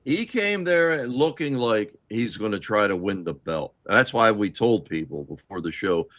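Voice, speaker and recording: A man's voice: on the low side, expressive, normal speed, a bit bright, no room sound. A man hosting a casual chat show, talking in a blunt, enthusiastic way. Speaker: podcast host.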